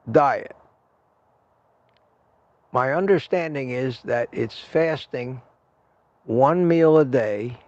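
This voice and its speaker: A man's voice: mid-range voice, creaky, darkish tone, dry recording, muffled recording. An older man hosting a casual livestream, reading the chat aloud and thanking viewers in a rambling, friendly way. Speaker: livestream host. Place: home desk at a computer.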